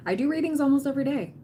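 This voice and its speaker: A woman's voice: sits high, warm tone, a little hiss or hum. A woman hosting a tarot livestream, chatting casually and cheering on her viewers, often quoting people in playful voices.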